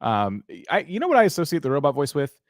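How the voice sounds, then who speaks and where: A man hosting a live-stream of channel reviews, giving opinionated critiques with jokes and animated asides. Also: a little high, fast, dry recording, studio quality.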